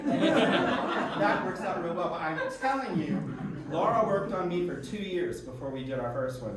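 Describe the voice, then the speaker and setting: Chatty man hosting in an echoey hall. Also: on the high side. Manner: effusive, chatty, laughs often. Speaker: event host. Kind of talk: live stage introductions. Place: small event hall in a music school. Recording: echoey room from far off, noisy.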